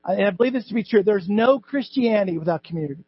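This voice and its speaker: Male pastor, conversational sermon, husky tone, muffled lo-fi sound with hum. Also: sits high, lively intonation, very fast. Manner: conversational preaching with repetitions and asides. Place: church sanctuary. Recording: dull lo-fi with mains hum.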